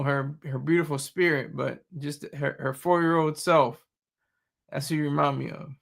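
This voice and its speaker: During a live stream, a man mockingly and combatively answers his chat and reacts to news clips in casual commentary. His voice sits a little high and sounds creaky, bright, and pushed.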